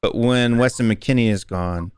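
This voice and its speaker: A man's voice: mid-range voice, normal speed, darkish tone, clear, resonant tone, no echo, studio quality. An American man chatting casually as a guest, explaining at length with fillers and restarts. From United States. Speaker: guest football YouTuber. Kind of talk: casual interview chat.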